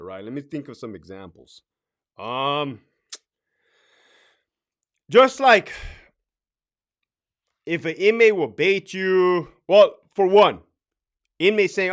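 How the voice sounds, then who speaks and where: A man's voice: sits high, sing-song, takes it slowly, pauses often, a bit bright. A middle-aged man and former corrections officer giving blunt, profane advice in a casual monologue. He laughs often and acts out other people's lines.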